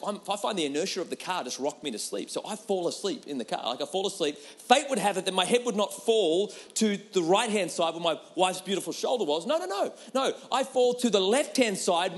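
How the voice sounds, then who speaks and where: A man's voice: high voice, animated, fairly quick, hardly any pauses. A man preaching a humorous sermon, telling a personal story with laughter and a repeated rhetorical question.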